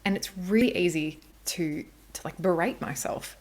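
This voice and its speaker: Aussie woman in her 30s hosting a chatty podcast, frank, swears a bit, lowish voice. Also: normal speed, darkish tone. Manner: candid and self-deprecating, swears casually. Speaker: podcast host. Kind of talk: casual podcast conversation.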